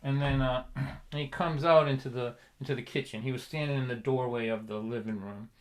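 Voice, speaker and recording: A man's voice: mid-range voice, fairly even intonation, a little fast. A man telling a comic story to a livestream audience, rambling along, chuckling and checking in with his listeners. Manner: rambling, chuckling, asks "you know what I mean". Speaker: folk singer and storyteller.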